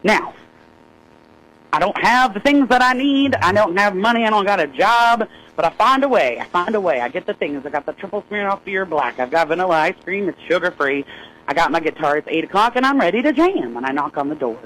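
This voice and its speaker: A woman in her sixties, a singer-songwriter guest, telling a story in a folksy, lively way and laughing often. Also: fairly low pitch, a little fast, slight background noise, poor audio. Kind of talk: animated storytelling.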